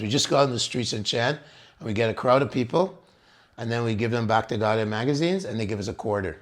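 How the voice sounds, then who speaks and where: An older man telling stories from his youth in a rambling, casual way, often laughing and acting out what others said. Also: lowish voice. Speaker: devotional speaker recounting memories. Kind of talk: casual storytelling talk.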